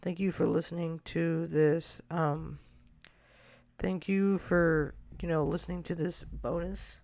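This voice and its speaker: Tired young man rambling, gravelly voice. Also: on the high side, steady tone, slow, darkish tone. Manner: rambling, hesitant, many fillers and restarts. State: tired, yawning. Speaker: podcast host. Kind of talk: solo podcast rambling.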